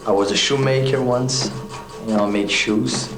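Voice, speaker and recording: A man's voice: medium pitch, steady tone, normal speed. A young man, a touring musician, talking frankly and loosely in a casual documentary interview, with many fillers. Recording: roomy echo with music behind.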